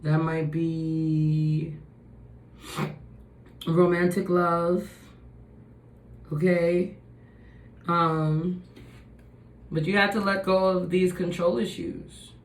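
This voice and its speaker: A woman gives a relaxed tarot reading, musing aloud over each card. Her delivery is slow and drawn out. Her voice bounces around an echoey room with a faint hum of ambience behind it. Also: lowish voice, vocal fry. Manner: musing, thinks aloud while reading cards. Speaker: tarot reader.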